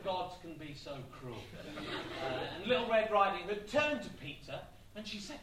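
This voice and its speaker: Male stand-up, deadpan storyteller, caught from a distance in a live, noisy room. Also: sits high, moderate pace, a crowd in the background. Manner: deadpan, absurd storytelling with asides. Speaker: stand-up comedian. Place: comedy venue with live audience. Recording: echoey club, distant mic, audience.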